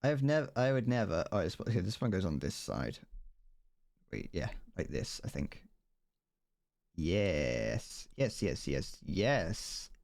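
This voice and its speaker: A man's voice: low-pitched, very animated, takes it slowly, creaky, darkish tone. A British man chatting on a casual livestream while he builds a model kit, rambling with frequent stammered restarts and laughter. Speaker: streamer.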